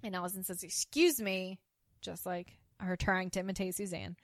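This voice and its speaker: A woman's voice: on the low side, brisk, dry recording, studio quality. A woman co-hosting a podcast, recapping a TV episode in casual chat and acting out the characters' lines. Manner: animated, acts out quoted characters with laughter.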